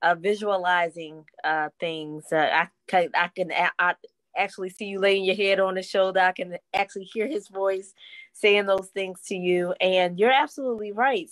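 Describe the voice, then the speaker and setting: A woman's voice: mid-range voice, fairly bright tone. A woman co-hosting a live talk stream, reflecting thoughtfully with some hesitant starts. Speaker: co-host.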